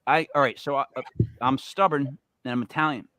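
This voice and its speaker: A man's voice: mid-range voice, steady tone, sharp tone, no room sound. Brash joking man host, dry sound. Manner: brash, joking, fast-talking and stubborn. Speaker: podcast host. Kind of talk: casual interview chat.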